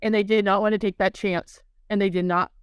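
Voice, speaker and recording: A woman's voice: mid-range voice, level tone, brisk, smooth, dry recording. A woman guest on an interview show, earnestly recounting her own experience as a patient. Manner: earnest, emotional storyteller. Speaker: dental implant patient guest. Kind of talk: personal story in podcast interview.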